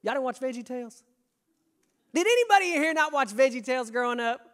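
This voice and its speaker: Animated high-voiced Kentucky pastor. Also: male voice, quick pace. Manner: folksy, animated, addresses the congregation directly. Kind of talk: sermon.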